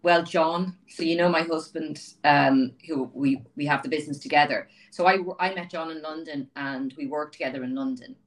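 A woman's voice: low-pitched, moderate pace, hardly any pauses, far from the mic. A Dublin woman in her fifties with an Irish accent, chatting as an interview guest and telling her story with many restarts. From Ireland (Dublin). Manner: chatty storyteller, frequent restarts and you-knows. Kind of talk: conversational interview.

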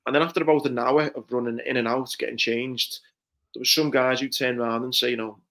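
A man's voice: medium pitch, fairly even intonation, brisk, fairly bright tone. A man, a former Marine recalling his training in an earnest, reflective interview. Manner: earnest, reflective, many fillers like "you know". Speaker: guest, former Royal Marine. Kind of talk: conversational interview storytelling.

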